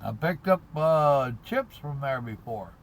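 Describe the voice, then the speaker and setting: A little hiss or hum runs under this low-quality recording of a truck driver chatting on a live stream from his cab while stopped. His voice is mid-range with lively intonation, and he goes through viewer comments in a relaxed, folksy drawl, calling everyone "brother."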